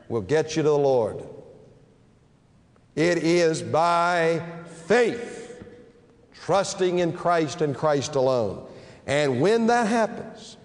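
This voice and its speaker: A man preaching a sermon with dramatic delivery, stretching key phrases slowly for emphasis. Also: a little high. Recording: long reverb of a large hall.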